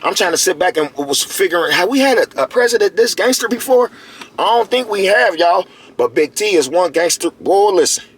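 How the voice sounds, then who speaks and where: A man talks into the camera in a loose, slang-filled monologue, circling back to the same phrases again and again. His voice sits on the higher side and leaps around, animated from line to line. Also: a little fast, slight background noise. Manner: animated, slangy, repeats himself and calls to viewers. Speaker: video commentator. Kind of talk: casual commentary monologue.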